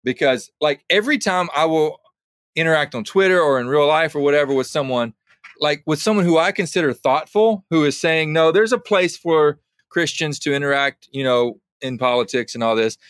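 A man guesting on a podcast in casual conversation, an animated storyteller who drops his voice when quoting others. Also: on the high side, normal speed, no room sound, studio quality.

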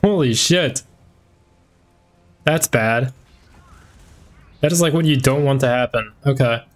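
A man's voice: mid-range voice, takes it slowly. A man streaming a game, chatting casually in slang and swearing now and then. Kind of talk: gaming commentary.

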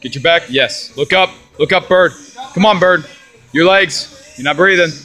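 High, bright-voiced gym coach shouting cues. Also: male voice, normal speed. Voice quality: urgent, commanding, repetitive cues. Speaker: lifting coach.

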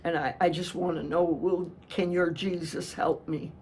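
A woman voicing a frail, dying elderly man who speaks softly and weakly. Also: fairly high pitch, level tone, moderate pace, slight background noise, natural voice. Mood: pleading. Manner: soft and weak. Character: frail elderly man near death, pleading.

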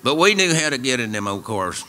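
Folksy older East Tennessee storyteller. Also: male voice, medium pitch, sing-song, fairly quick, bright, forceful tone. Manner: folksy, wry, drawling. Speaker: storyteller and musician. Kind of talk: live storytelling to an audience. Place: radio studio with live audience.

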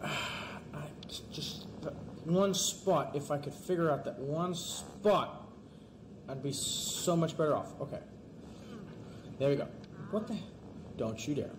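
A man giving let's-play commentary, talking fast and excitably and pleading and yelling at the game. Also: fairly high pitch, noisy background. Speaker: gamer.

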